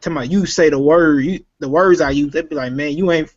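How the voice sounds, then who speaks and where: Give me a stammering man with a slightly high voice chatting casually on a muffled call. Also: brisk. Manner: stammering, repeats words. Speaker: hangout participant. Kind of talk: casual group chat.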